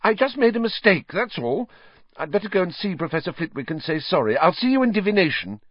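A male narrator voicing a flustered, anxious studious teenage girl in a high, squeaky pleading voice. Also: sing-song, brisk, slightly rough, dry recording, dull audio, full character voice. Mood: fretful.

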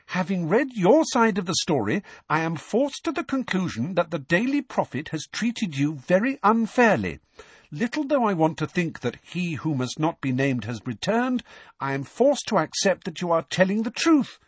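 A bright, eager schoolgirl witch, as a man reads her gushes her words out high and breathless, rising and falling in lively swings. Her voice carries a husky edge. The audiobook sound is dry and close. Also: normal speed, few pauses, no room sound. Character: clever eager schoolgirl witch, bossy and excitable. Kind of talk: audiobook character voice.

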